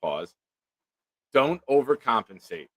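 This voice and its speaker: A man's voice: medium pitch, sing-song, takes it slowly, dry recording. A man hosting a casual live-stream chat, joking around and reading viewer comments aloud. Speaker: show host.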